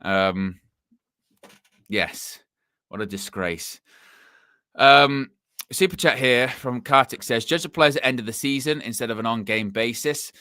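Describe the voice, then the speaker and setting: Bright-voiced rambling man. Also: medium pitch, unhurried, pauses often, no echo, studio quality. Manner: rambling, animated, full of fillers and restarts. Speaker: host of a fan livestream. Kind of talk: casual live commentary.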